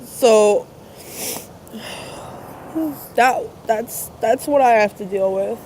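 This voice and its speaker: A woman's voice: a little high, unhurried, a little mellow. A woman with a stuffy nose from crying talks hesitantly and rambles into her phone outdoors. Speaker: vlogger. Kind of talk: casual rambling talk to camera. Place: outdoors by a road at dusk. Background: faint traffic.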